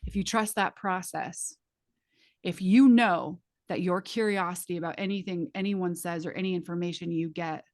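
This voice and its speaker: A woman with a lowish, slightly mellow voice leads a live class as a facilitator. Casual and emphatic, she swears freely and speaks directly to her students using vivid imagery.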